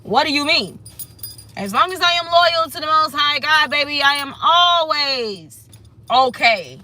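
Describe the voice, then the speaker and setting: A high, bright woman giving a casual tarot reading. She talks sassy and emphatic, swears freely and hammers her points home by repeating them. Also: animated, measured pace. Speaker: tarot reader.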